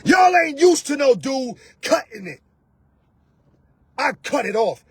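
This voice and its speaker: A man hosting his own show, ranting loudly and mockingly about dating, often slipping into soft mimicking voices. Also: very high voice, very animated, slow, no room sound. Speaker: host. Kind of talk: animated rant to camera. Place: lives in Atlanta.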